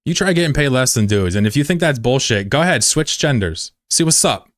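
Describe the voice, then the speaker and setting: A man streaming live, chatting bluntly and profanely with viewers, swinging between loud outbursts and low mutters. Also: lively intonation, a little fast, no echo, studio quality. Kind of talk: casual live-stream chat.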